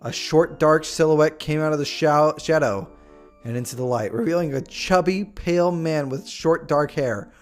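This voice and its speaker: Excitable young male streamer reading stories. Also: on the high side, normal speed, faint music behind. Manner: jokey, excitable asides. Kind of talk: reading viewer stories aloud on a live stream.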